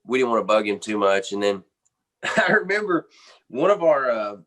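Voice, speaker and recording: Low-pitched American man, guest drummer, loose chatty anecdote with lots of "um" and "you know". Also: very animated, moderate pace, fairly bright tone. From United States. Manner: rambling storyteller, many fillers and restarts, laughs often. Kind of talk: casual anecdote in an interview.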